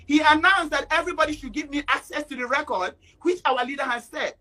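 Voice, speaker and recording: A woman giving an emotional speech in an online discussion, often rising to shouting. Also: high-pitched, fast. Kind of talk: impassioned speech.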